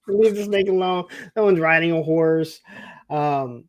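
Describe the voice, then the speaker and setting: A man's voice: a little high, takes it slowly, no room sound, lo-fi sound. Chatty man retelling a TV episode. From suburbs of Detroit. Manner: animated storytelling, acts out characters' lines, laughs often. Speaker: podcast co-host. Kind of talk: casual TV recap chat.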